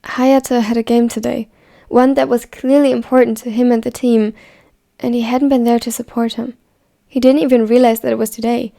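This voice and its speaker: A woman narrating a fan story in an even, measured reading voice. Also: a little high, gravelly.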